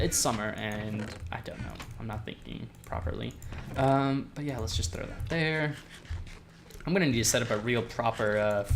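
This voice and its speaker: A man's voice: medium pitch, slight background noise. Rambling, jokey young-sounding gamer man. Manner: rambling, jokey and self-mocking. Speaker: gameplay video host. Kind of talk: casual gameplay commentary.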